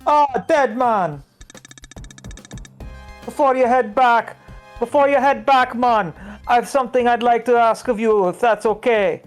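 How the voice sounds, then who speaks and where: A man voicing a bossy male agent from a video game in a put-on Jamaican accent, reading the lines slowly and with deliberate care. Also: very high voice, faint music behind. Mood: requesting.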